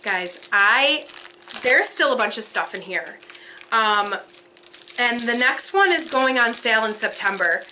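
A woman's voice: on the high side, animated, measured pace, pushed and bright, a little hiss or hum. A woman chatting casually while unboxing, gushing and gasping with whispered awe. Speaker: unboxing vlogger.

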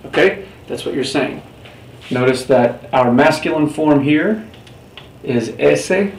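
A man's voice: a little high, expressive, takes it slowly, far from the mic. A man teaching a Spanish class in a recorded lecture, explaining step by step and quizzing his students. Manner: patient, explains step by step, asks the class questions. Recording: roomy, off-mic, faint background hiss.

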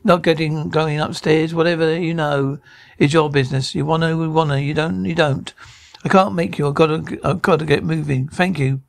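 A man's voice: fairly high pitch, fairly even intonation, moderate pace, creaky. A man acting out every part of a sitcom scene alone, in a bickering, flustered comic delivery full of stammers and restarts.

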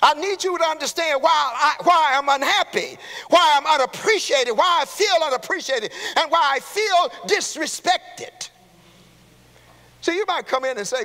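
High, bright-voiced preacher in a reverberant church. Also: male voice, animated, moderate pace. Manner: call-and-response preaching, rising to shouts. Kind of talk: sermon. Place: church sanctuary. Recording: long hall reverb in a church.

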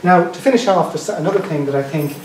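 A man's voice: on the high side, quick pace. Dublin man lecturing in a roomy hall. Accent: South County Dublin. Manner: conversational, digressive, restarts phrases. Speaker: guest lecturer. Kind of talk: informal public lecture. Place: lecture room in an archive building. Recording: roomy, distant mic, faint background noise.

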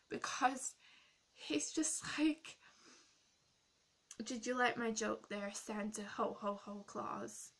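A woman's voice: medium pitch, bright, forceful tone, exaggerated voice. A woman playing a snarky, rude young woman character, ranting sarcastically in a comic role-play vlog. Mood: sarcastic. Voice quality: blunt, sarcastic, swears freely.

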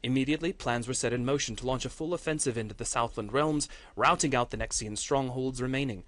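A man, a course instructor, reading a fantasy story aloud with earnest, steady storytelling and the odd slip. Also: mid-range voice, fast talker.

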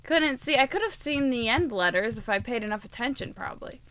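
A woman's voice: on the high side, expressive, brisk, a bit bright, a little hiss or hum. A young woman giving casual, rambling commentary while playing a video game, chatty and giggly. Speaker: gaming YouTuber.

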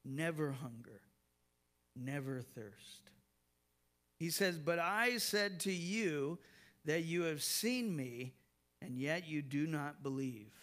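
A man preaching a sermon as pastor, slow and emphatic, with soft laughs and repeated words. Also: on the high side.

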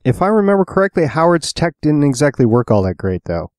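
A man's voice: on the high side, sing-song, quick pace, a little mellow, no echo. Chatty man podcaster, dry close sound. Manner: chatty, trivia-sharing, laughs often. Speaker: podcast co-host. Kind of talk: casual chat about films.

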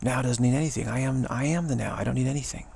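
A man's voice: mid-range voice, quick pace, darkish tone. An older man giving a rambling spiritual talk, meandering and repeating himself, dropping to a whisper for emphasis. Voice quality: gravelly, husky. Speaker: spiritual teacher.

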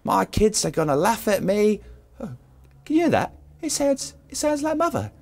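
A man's voice: high voice, big pitch swings, normal speed, creaky, darkish tone, full character voice. A man doing a bumbling, grumbling polar bear dad. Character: clumsy father polar bear slipping on ice. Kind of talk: improvised comic wildlife voice-over.

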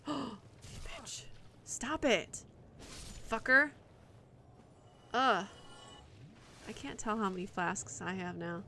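A woman with a bright, sharp tone and a fairly high voice gives live commentary on her game. She talks slowly and drawls her words, cursing and grumbling in frustration between moves. A faint hum sits behind her voice. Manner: frustrated, profane muttering at the game. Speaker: streamer.

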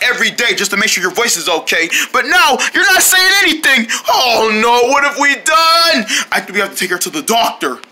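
A man performing an animated cartoon skit, excitable and exaggerated. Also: very high voice. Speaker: cartoon voice actor and host.

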